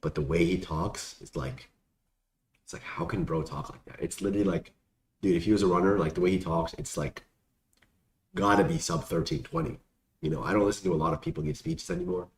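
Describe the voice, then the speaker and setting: A young adult man with a low, slightly mellow voice and noticeable vocal fry chats casually while answering viewer questions. Expect rambling, slang and lots of fillers, recorded in an echoey room with faint background noise.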